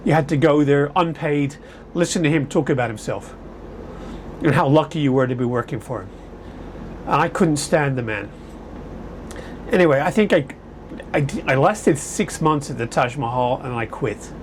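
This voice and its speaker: Brief: rambling man telling stories to camera, slightly raised pitch, faint air conditioner hum behind. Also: lively intonation, moderate pace, long pauses. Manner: rambling, chatty, self-correcting. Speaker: vlogger. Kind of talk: casual storytelling to camera. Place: home in summer, indoors. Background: air conditioner humming.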